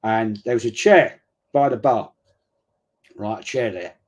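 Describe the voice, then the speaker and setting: Chatty middle-aged bloke. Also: male voice, on the low side, measured pace. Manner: chatty rambling storyteller, blokey slang. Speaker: watch-along streamer. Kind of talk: casual live chat during a football match.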